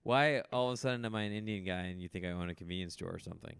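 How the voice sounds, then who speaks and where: Low-voiced man telling funny stories. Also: very fast, vocal fry, clear, resonant tone, no room sound. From United States. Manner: animated storyteller, laughs mid-sentence. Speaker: podcast host. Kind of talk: casual comedic chat.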